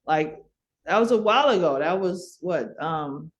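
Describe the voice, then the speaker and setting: A woman's voice: fairly low pitch, a little slow, dull audio. A middle-aged woman from Milwaukee tells her story as a podcast guest. Her talk is loose and casual, full of fillers and restarts, and she keeps breaking into laughter as she goes. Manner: animated, laughs often, many fillers and restarts.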